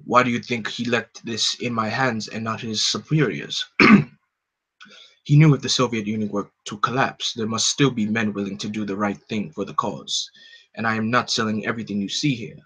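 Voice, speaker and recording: A scheming older general speaks in a calm, measured, lowered tone, read by a man in his own normal voice. The reading is unhurried and plain, with no put-on accent. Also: husky, low-quality recording. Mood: cold. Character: scheming older male general, cold and calculating. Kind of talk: comic book live read.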